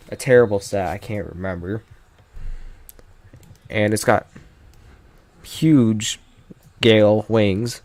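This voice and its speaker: A man's voice: mid-range voice, a little mellow, no echo. A man giving casual, jokey commentary while ranking game characters, often trailing off mid-sentence. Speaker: YouTuber ranking Pokémon.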